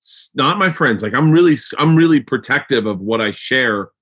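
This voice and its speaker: A male podcast host chatting casually in a studio. He rambles and gets excited, swearing freely as he goes. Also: mid-range voice, moderate pace. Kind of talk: casual chat.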